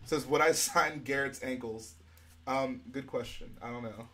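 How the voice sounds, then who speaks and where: A relaxed young man chats casually on a live stream while he works on a build. He reads viewer questions aloud and answers them one after another, easygoing and unhurried, at a middle pitch. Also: a little hiss or hum. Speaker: livestream host.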